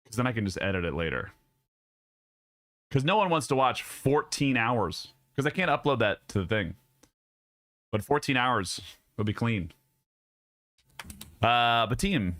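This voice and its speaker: A man's voice: mid-range voice, sing-song, a little slow, long pauses, a bit bright. A young man chats on his own stream, his voice swinging widely as he tells stories. He is loose and profane, restarting sentences often. He speaks close into a studio mic. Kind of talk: casual live stream chat. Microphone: studio dynamic mic.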